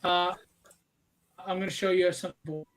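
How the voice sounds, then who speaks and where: A man hosts a casual live stream, chatting in an upbeat way and poking fun at himself while showing viewers' art. His voice is high, his delivery flat, and his pace moderate.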